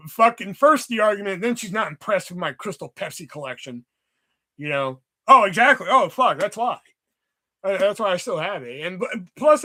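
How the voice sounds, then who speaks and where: Man, livestream host, rambling casual storytelling, swears a lot, slightly high pitch, sharp tone. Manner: profane, chatty, lots of "you know" fillers.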